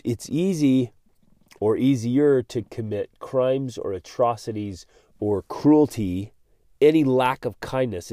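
A man talks straight into a close podcast mic in an earnest, animated way, often repeating himself as he gets fired up. His voice is mellow and relaxed in tone, and the recording sounds dry. He sounds like a host speaking directly to his listeners. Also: medium pitch, no echo. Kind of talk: motivational podcast monologue.

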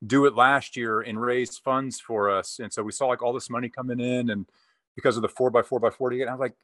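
A man's voice: mid-range voice, fairly even intonation, fairly quick, a bit bright, no room sound. A man in casual chat, rambling, swearing freely and laughing often.

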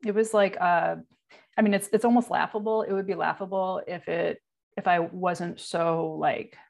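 A woman in her forties speaking candidly in an interview, halting and full of fillers. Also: lowish voice, fairly even intonation, gravelly, darkish tone. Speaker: guest. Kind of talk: personal interview.

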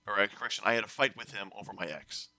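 A man's voice: fairly low pitch, fast talker. A young man casually telling a story on a podcast, rambling and correcting himself as he goes. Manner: rambling, self-correcting, animated retelling.

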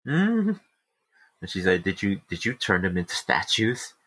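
A man co-hosting a casual book-club podcast, animatedly retelling chapters with quick restarts. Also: low voice, huge pitch swings, bright, forceful tone, husky. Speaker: podcast co-host.

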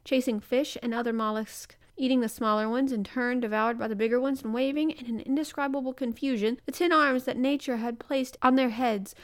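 Woman reading an old adventure novel out loud, careful and steady, slightly high voice. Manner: measured, careful reading with small slips. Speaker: reader.

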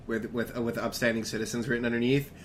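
A man's voice: medium pitch, flat delivery, fast, slight background noise. A man co-hosting a podcast in casual chat, often stumbling and repeating words as he starts his sentences. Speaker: podcast co-host.

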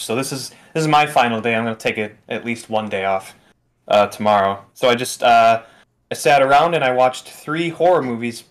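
A man co-hosting a casual podcast over a remote call, speaking hesitantly with many uhs. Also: medium pitch. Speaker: podcast co-host. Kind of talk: casual chat. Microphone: earbuds, remote call.

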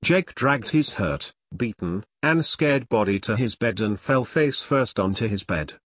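A man reading a spooky story aloud as narrator, with slow, expressive storytelling. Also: mid-range voice, breathy edge, no room sound, studio quality.

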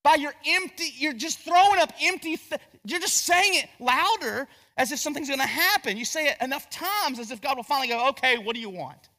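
A man's voice: very high-pitched, lively intonation, brisk, pushed and bright, in a large hall. A pastor from North Carolina with a Southern accent, preaching a sermon in a conversational, joking way, often restarting his sentences. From Gastonia, North Carolina. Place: church sanctuary.

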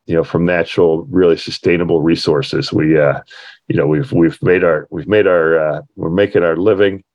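Middle-aged man, low voice, podcast guest; rambling anecdotal delivery with lots of fillers, dry close recording. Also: steady tone, no echo, lo-fi sound. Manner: halting, many fillers and restarts, acts out quoted voices in a higher pitch. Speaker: furniture company owner, guest. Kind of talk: anecdotal storytelling in an interview.

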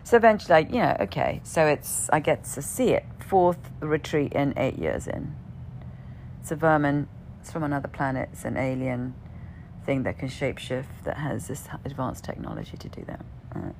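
A woman with a low voice and a gravelly, creaky edge tells a personal story in a relaxed way. She keeps checking in with "right?" and sometimes trails off into a soft whisper. A faint hiss sits under the recording. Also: normal speed. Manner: conversational, often asks "right?", swears casually.

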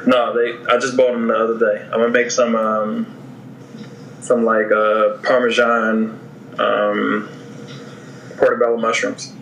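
A man's voice: lowish voice, level tone, measured pace, gravelly, long pauses, a bit bright, reverberant, dull audio. Philly-accented man, hesitant and full of fillers, faint hiss behind him. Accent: Philadelphia. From Philadelphia. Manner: hesitant, lots of ums. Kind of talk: casual chat.

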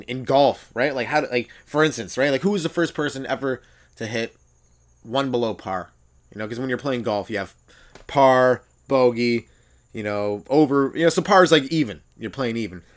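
A Canadian comedian hosts his own podcast, riffing through a stand-up monologue with free swearing and loud, exaggerated voices. He has a mid-range voice and a moderate pace.

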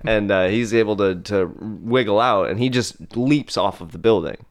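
A man with a low, smooth, resonant voice talks through a film plot in casual podcast chat. He pauses on fillers and drops into quick acted-out quotes from the characters. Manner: retells scenes with acted-out quotes, halting with fillers. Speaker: podcast co-host recapping a film.

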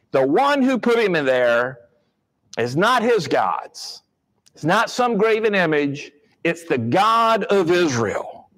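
A man's voice: sits high, a bit bright, rough recording. A man preaching a sermon, reading scripture aloud and explaining it verse by verse.

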